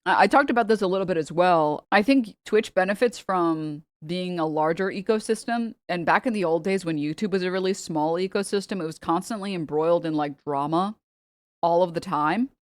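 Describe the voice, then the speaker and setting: A young woman streamer chatting and joking through a reaction, laughing often between thoughts. Her voice sits fairly low for a woman, and the recording is dry and close to the mic. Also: a little fast, no echo. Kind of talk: casual reaction commentary.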